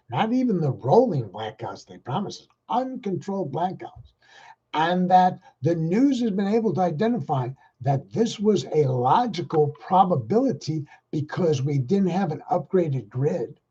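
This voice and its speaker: A man's voice: mid-range voice, very animated, normal speed, warm tone, slightly rough, muffled recording. A man hosting his own show, ranting in a rambling, exasperated, profane way. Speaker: podcast host. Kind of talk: casual ranting monologue.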